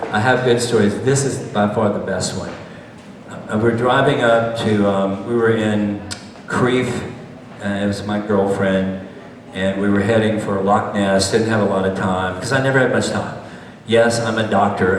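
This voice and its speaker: A man giving a chatty, rambling slideshow travel talk and questioning his audience. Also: on the low side. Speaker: presenter, doctor. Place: large meeting hall. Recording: echoey hall, voice from far off.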